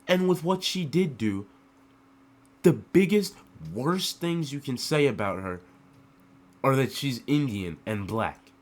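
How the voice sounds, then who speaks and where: This is a mid-range male voice from the United States, venting emotionally about politics straight into the camera. He keeps asking rhetorical questions and circling back to the same phrases.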